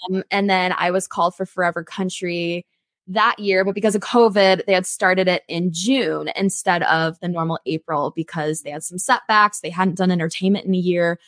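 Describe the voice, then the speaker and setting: A young adult woman, a theme park singer, telling her story in a casual interview with an animated, chatty manner. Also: lowish voice, normal speed, dry recording, clean studio sound.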